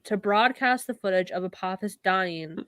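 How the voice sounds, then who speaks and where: A woman's voice: mid-range voice, moderate pace, fairly bright tone, smooth. A woman co-hosting a podcast, recapping an episode in casual chat and swearing freely. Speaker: podcast co-host.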